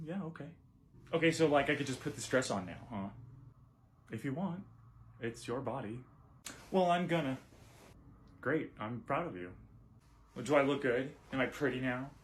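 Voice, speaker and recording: A man acting out a deadpan comedic skit, trading lines with himself. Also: mid-range voice, moderate pace, long pauses, slight background noise. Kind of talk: comedic skit with two characters.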